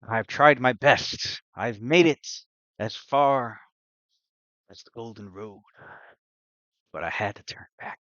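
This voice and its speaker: A man's voice: mid-range voice, takes it slowly, pauses often, a bit bright, dry recording, pitched above the performer's own voice. A man voicing a cheerful, bargain-loving female traveler in a tabletop game, speaking in a grand, theatrical way. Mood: eager. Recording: dull lo-fi recording.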